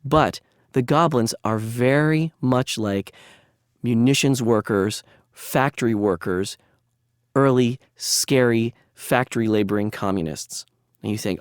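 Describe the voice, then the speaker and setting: A man's voice: medium pitch, lively intonation, measured pace, no room sound, clean studio sound. A man lecturing on literature in a conversational, analytical way, with frequent asides. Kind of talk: academic lecture.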